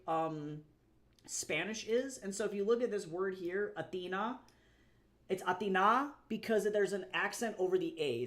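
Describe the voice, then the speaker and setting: A woman streaming live as an artist, chatting casually with viewers, swearing freely and ranting with exasperation. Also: fairly low pitch. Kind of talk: casual livestream chat.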